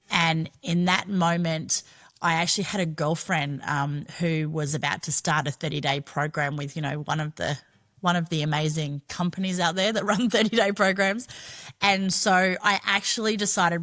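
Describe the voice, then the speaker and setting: She has a lowish, slightly bright voice with a steady tone and moderate pace. A middle-aged Australian podcast guest, she shares her personal story candidly in a frank, chatty manner, with plenty of swearing.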